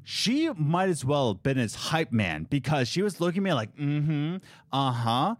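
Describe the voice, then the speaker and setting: A man telling a story about a customer in a casual chat, animated and sarcastic, acting out what people said. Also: a little high, normal speed, no echo. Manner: animated, sarcastic, quotes people in put-on voices. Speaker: restaurant worker telling a story.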